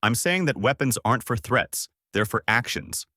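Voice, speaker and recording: A man voicing a calm, cool pirate captain who teases and lectures coolly in a fan story reading. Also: medium pitch, moderate pace, no room sound, studio quality, heavily acted. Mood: calm teasing. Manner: calm, dryly teasing.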